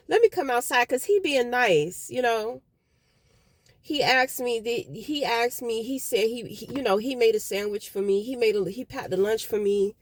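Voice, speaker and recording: Woman vlogger, higher voice, dry sound; profane, rambling rant. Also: animated, a little slow, no room sound. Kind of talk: casual venting vlog. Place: outdoors.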